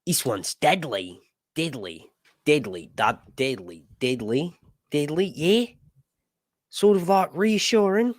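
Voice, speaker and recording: A man doing an impression of an excitable Australian wildlife presenter, with a shaky put-on Australian accent. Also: on the high side, takes it slowly, dry recording, pitched above the performer's own voice. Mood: eager. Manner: eager, wobbly impression.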